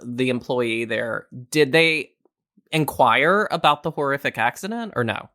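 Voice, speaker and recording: A woman co-hosts a comedy podcast with dry amusement. Her voice is low yet bright and clear. She asks follow-up questions in an unhurried, wry way. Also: animated, dry recording. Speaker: podcast co-host. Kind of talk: casual comedy podcast chat.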